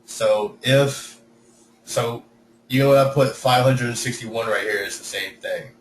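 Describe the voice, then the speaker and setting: A man walks students through their code in a live online lesson, thinking aloud and restarting his sentences as he goes. His voice sits at a middling pitch and sounds distant from the mic, in an echoey room with a faint hiss behind it. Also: unhurried. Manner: talks through code step by step, self-correcting. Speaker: coding instructor. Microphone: computer mic, sound reported as poor by students.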